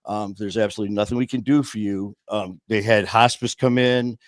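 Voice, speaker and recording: A man's voice: on the low side, steady tone, a little fast, dry recording, studio quality. Man hosting a podcast, shares his story with earnest emotion, says "man" and "brother" often. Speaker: podcast host. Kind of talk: casual conversational storytelling.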